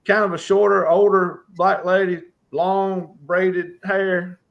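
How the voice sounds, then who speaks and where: Man with a gravelly edge, relaxed chat regular who backs everyone up. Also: high voice, highs cut off. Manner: easygoing, quick to agree. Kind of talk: casual chat.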